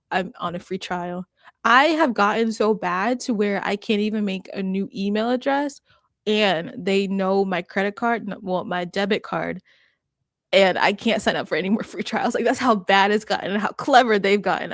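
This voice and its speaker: A woman's voice: medium pitch, moderate pace, gravelly, no room sound. Chatty woman with a dry close sound. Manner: chatty, laughs often, acts out quotes. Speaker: host. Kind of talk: casual reaction chat.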